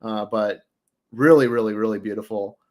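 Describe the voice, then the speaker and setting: A man's voice: fairly low pitch, fairly even intonation, moderate pace, darkish tone. A man hosting a casual review chat, enthusiastic and rambling, often restarting his sentences. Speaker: audio reviewer host.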